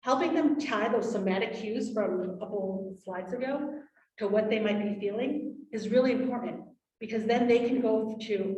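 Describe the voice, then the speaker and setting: A woman giving a workshop presentation to parents, lively, acting out quotes from parents and children. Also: on the high side, normal speed. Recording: roomy, from far off.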